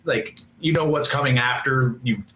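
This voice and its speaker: A man's voice: mid-range voice, moderate pace, a bit bright, a little hiss or hum. A man hosting a podcast in casual, joking banter with guests. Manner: joking, hype-style banter. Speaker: podcast host. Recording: echoey room.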